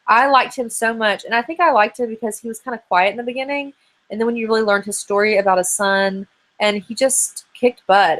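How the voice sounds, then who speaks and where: With a mid-range, slightly bright voice, a woman in her thirties runs a live video hangout, chatting and rambling with many fillers while responding to viewers' questions.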